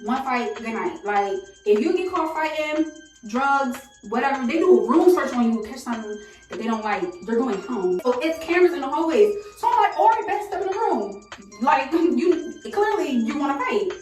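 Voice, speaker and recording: A young woman telling a college story in a casual, slangy, animated way, with frequent laughs. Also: high voice, normal speed, soft background music. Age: young adult. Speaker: storytime vlogger. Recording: echoey room from a distance.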